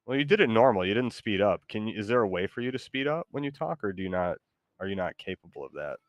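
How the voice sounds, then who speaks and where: Man hosting a stream, lowish voice, halting and giggly, dry close sound. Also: expressive, dry recording, dull audio. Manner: hesitant, giggly, lots of ums. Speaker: streamer host. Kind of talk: casual chat.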